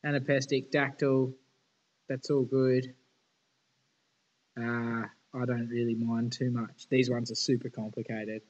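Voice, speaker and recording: A man's voice: mid-range voice, little pitch movement, measured pace, pauses often, dull audio. A male teacher giving an informal lesson, casual, chatty and frank.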